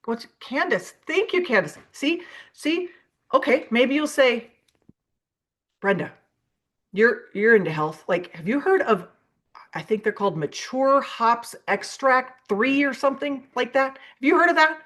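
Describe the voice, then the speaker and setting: A woman's voice: high voice, a little slow. A woman giving a motivational keynote on sales psychology over a video call, acting out sample invitation messages. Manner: animated, acts out sample messages to prospects. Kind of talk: motivational sales training talk.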